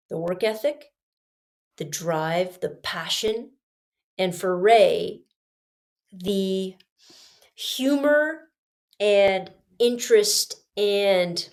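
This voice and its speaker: Animated woman telling a personal story. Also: mid-range voice, vocal fry. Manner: emphatic, lively, shifts between loud punchy lines and hushed asides. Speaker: podcast host.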